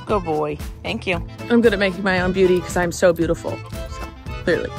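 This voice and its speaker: A woman's voice: lowish voice, fairly quick, roomy sound, faint music behind. A woman talking casually to camera at home, playful and rambling, poking fun at herself. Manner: playful, rambling, self-mocking. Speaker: vlogger. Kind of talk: casual daily vlog.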